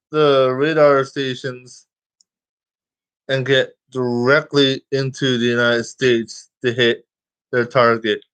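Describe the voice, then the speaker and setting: Man, vlogger, slow delivery, slightly high voice, rambling, swears a lot. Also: a bit bright. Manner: rambling, swears freely, restarts lines. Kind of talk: casual commentary to viewers.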